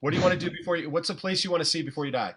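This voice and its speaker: A man's voice: a little high, racing, a loud crowd. A man hosting an online improv show over a video call, cheering performers on with big energy. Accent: put-on Georgia drawl in scene. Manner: exuberant, cheering.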